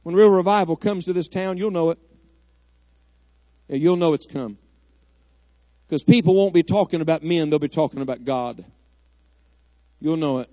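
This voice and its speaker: A man's voice: on the high side, moderate pace, pauses often, dark tone, no room sound. A middle-aged man preaching a fervent, emphatic sermon in a church, rising at times to cries of prayer. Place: church sanctuary.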